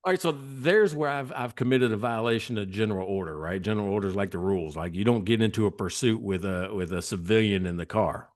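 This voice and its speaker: Low-voiced male guest, animated storyteller who often laughs. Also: fast, hardly any pauses. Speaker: guest, former state trooper. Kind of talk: storytelling in a podcast interview.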